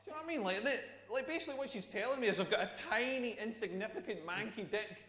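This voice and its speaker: A Scottish stand-up comedian in his forties performs a rambling, self-mocking routine on a stage in a large hall. He talks fast in a high-sitting, slightly bright voice, captured from a distance in the echoey hall.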